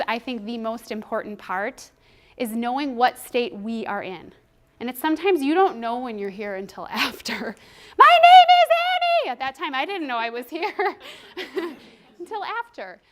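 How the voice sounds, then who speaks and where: A woman in her thirties giving a workshop presentation as a trainer, animated and quick to laugh. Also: a little high. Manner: animated, laughs often, acts out quoted voices. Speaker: parenting and behavior trainer.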